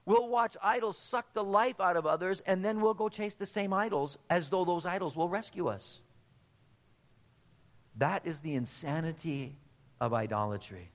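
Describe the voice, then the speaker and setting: A man's voice: high voice, moderate pace. Emphatic male preacher in a reverberant hall. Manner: emphatic, direct address to the congregation. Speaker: pastor. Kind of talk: sermon.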